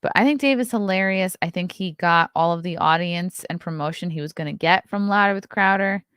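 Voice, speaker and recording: A woman with a Long Island accent hosts a casual morning livestream, reading news and tossing off blunt, sarcastic asides. Her voice sits a little low, and the sound is dry and close with no room around it. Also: a little fast, fairly bright tone, clear, resonant tone, no echo. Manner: blunt, sarcastic, reads headlines aloud and riffs on them. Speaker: host.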